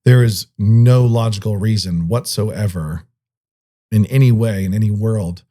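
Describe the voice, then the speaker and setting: A man co-hosting a podcast in easy, casual chat. His voice sits a little low and comes across dark and mellow. He is playful, throwing in goofy sound effects and laughing often. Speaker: podcast co-host.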